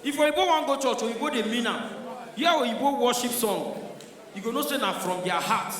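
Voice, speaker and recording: A male stand-up comedian with a Nigerian Pidgin accent, telling animated stories and slipping into character voices. His voice sits fairly high for a man. He is heard from far off, with a long hall echo. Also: normal speed. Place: large live comedy venue.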